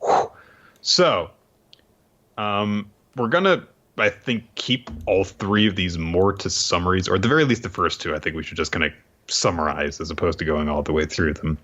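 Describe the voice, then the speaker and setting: A man's voice: low-pitched, normal speed, fairly bright tone. A man co-hosting a podcast in casual chat, summarizing the story in a loose way with many asides. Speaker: podcast co-host. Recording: dull lo-fi mic.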